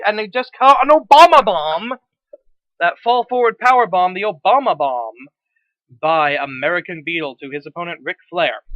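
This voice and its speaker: A man calling a wrestling game match play by play, excitable and quick to correct himself. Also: high-pitched, dry recording, highs cut off. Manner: excitable, self-correcting, swears at slips. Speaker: play-by-play commentator.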